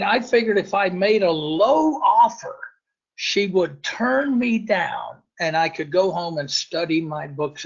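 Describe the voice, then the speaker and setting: A man's voice: high voice, creaky, husky. A man telling a personal investing story to an audience in a folksy way, often calling them folks. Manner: folksy, addresses listeners as folks. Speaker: real estate investor speaker. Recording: dull lo-fi recording.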